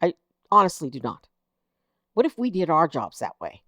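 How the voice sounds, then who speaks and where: Indignant woman commentator, lively voice. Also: deep voice, normal speed, dry recording, studio quality. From United States. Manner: indignant, exasperated, incredulous. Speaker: political commentator, host. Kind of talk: casual political commentary, reading news aloud.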